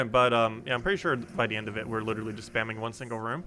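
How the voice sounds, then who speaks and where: There's a noisy background as a young man with a mid-range voice streams a game at a quick pace. He keeps up casual, rambling commentary peppered with ums while answering chat.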